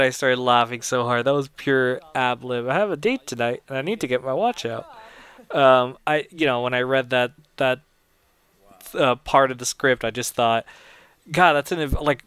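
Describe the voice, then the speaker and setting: A man's voice: medium pitch, normal speed, a bit bright, clean tone, no room sound. A young man giving casual audio commentary on his own film, rambling and chatty, often laughing at his own jokes.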